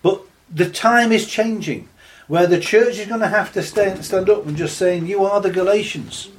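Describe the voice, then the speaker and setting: A man delivers a sermon in a fairly high voice. He reads scripture in a slow, measured way, then presses his point with fervent, rising questions. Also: slight background noise. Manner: reads scripture slowly, then rises to impassioned exhortation. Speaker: preacher. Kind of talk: sermon, Bible teaching.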